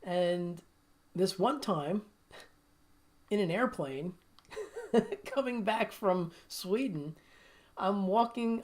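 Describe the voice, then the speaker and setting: Chatty laughing man telling stories. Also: sits high. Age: middle-aged. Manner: chatty storyteller, laughs often. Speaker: guitarist hosting a livestream. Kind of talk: casual livestream chat.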